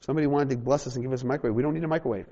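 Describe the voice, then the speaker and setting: In a rapid-fire delivery with a mid-range voice, a male pastor preaches to a small congregation, animatedly staging short dialogues and cracking jokes with the room. The sound is lo-fi.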